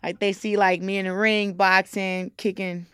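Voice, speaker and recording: A young woman giving a candid interview, talking haltingly with many fillers. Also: medium pitch, little pitch movement, a bit bright, clean tone. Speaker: interview guest. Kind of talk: casual interview talk.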